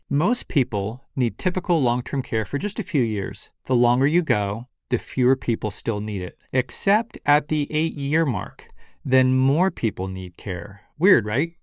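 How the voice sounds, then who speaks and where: A man's voice: medium pitch, no room sound. Upbeat man hosting an explainer, dry sound. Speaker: host. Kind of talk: scripted explainer narration.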